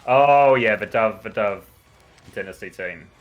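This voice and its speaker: A British-accented man from the UK casually commentates a live esports match, rambling between plays and erupting with excitement at the big moments. His voice is lowish and a little slow, with soft music in the background.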